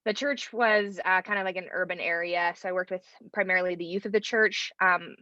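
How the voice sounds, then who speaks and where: A woman's voice: fairly low pitch, fairly even intonation, brisk, bright, forceful tone, dry recording, muffled recording. A woman in her thirties from rural Idaho, a pastor talking casually in an interview, with lots of fillers. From rural North Idaho, USA. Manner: chatty, many fillers and "like". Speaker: pastor and theologian, guest.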